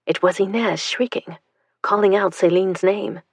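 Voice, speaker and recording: A woman narrating an audiobook in a tense, hushed storytelling manner. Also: mid-range voice, steady tone, unhurried, dry recording.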